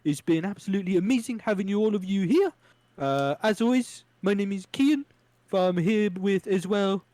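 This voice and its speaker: A man's voice: sits high, expressive, dark tone, no room sound, voice pushed up. Direction: a man doing a cheery New Zealander host, jokey. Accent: bad put-on New Zealand accent. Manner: jokey, rushed mock-formal sign-off.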